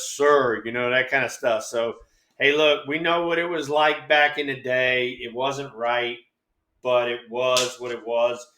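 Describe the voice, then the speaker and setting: A man in his sixties, co-host and former ballplayer, telling stories in casual chat, animated and profane, acting out quotes. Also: medium pitch, echoey room.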